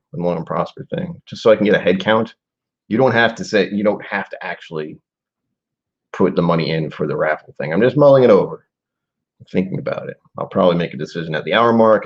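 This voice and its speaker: On a casual live stream, a man in his forties with a low, husky voice chats about tasting whiskey. He muses aloud, rambling and wandering off into trailing asides. The stream's audio sounds dull and lo-fi.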